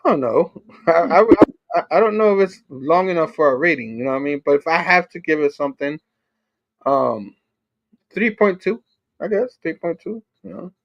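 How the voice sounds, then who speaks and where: A man on a casual chat show who talks in a relaxed, hesitant way. His voice is gravelly and somewhat high. The sound is dry and dull, with a lo-fi edge. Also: normal speed, no echo. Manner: hesitant, laid-back, many "you know"s. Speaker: host.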